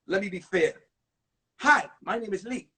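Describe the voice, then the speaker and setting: A man voicing a polite, eager teenage boy classmate who speaks softly and in a friendly way, with a husky voice. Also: high voice, moderate pace, voice pushed down, exaggerated voice.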